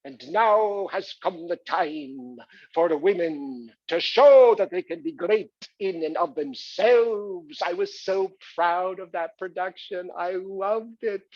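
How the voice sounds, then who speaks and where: Heard through a dull lo-fi recording, an actor plays a rich, boastful male arts patron in a one-man stage play's theatrical monologue. His voice sits high with a darkish tone, and he speaks slowly.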